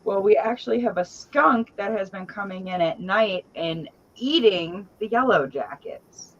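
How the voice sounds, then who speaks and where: A woman chatting casually on an online panel, telling a lively story and acting out the quoted lines. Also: medium pitch, measured pace, highs cut off, slight background noise. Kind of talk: casual chat, animated storytelling.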